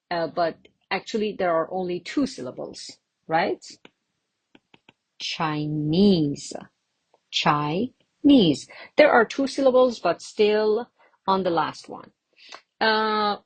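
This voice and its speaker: Woman, slow deliberate delivery, breathy edge, casual lesson, teaching word stress. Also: medium pitch, no room sound. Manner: slow, drawn-out demonstration of words, with light laughs. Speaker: English pronunciation teacher.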